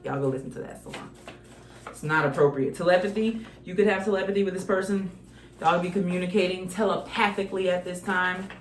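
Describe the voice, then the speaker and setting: A woman's voice: lowish voice, fairly even intonation, a little fast. A woman does a casual tarot reading, talking bluntly and swearing freely. She sometimes breaks into snatches of song. Her voice carries an echoey room sound, with faint music underneath. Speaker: tarot card reader.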